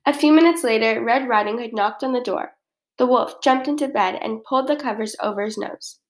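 A woman narrating a children's storybook in an expressive, measured way. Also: on the high side. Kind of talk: storybook reading.

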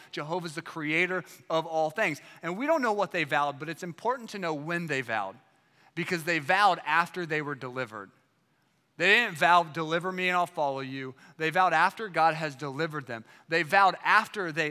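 A man's voice: a little high, sharp tone, long reverb tail. A man preaching as pastor, emphatic and full of rhetorical questions. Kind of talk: sermon.

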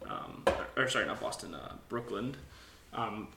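A man's voice: lowish voice, animated, moderate pace, gravelly. A man co-hosting a casual sports podcast, rambling through his picks with many fillers and self-corrections. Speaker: podcast co-host. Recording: echoey room, faint noise.

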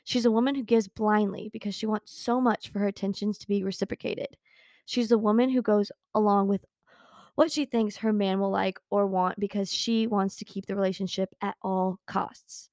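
A woman's voice: medium pitch, steady tone, normal speed, a little mellow, no room sound, studio quality. A young woman hosting a casual talk show, chatty and bubbly, giggling often as she reads from a book. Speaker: podcast host. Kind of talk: casual chat with book readings.

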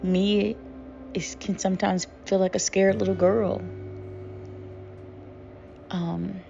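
A woman co-hosting a podcast, talking through her feelings in a halting, self-affirming way with many fillers. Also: mid-range voice, flat delivery, creaky, mellow, highs cut off, faint music behind. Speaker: podcast co-host. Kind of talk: reflective podcast monologue.

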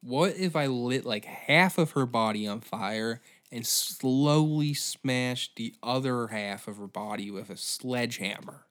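Speaking a little slowly with few pauses, a podcast host with a medium-pitched, slightly bright voice launches into a rambling rant. It's comedy built on nonstop cursing and over-the-top outbursts.

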